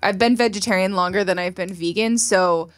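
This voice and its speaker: A woman's voice: medium pitch, a little fast, no echo. A woman chatting on a podcast, answering with dry, wry remarks. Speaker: podcast regular. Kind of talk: casual chat.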